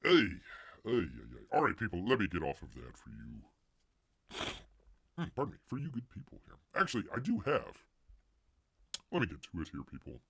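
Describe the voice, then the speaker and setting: A man's voice: low voice, wildly swooping pitch, moderate pace, vocal fry, long pauses, a bit bright, slightly rough, no room sound, clean studio sound. A man hosting a casual live stream, rambling and joking, muttering asides and calling himself Bear. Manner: rambling, jokey, calls himself Bear in the third person; mutters asides under his breath. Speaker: host of a comics news live stream.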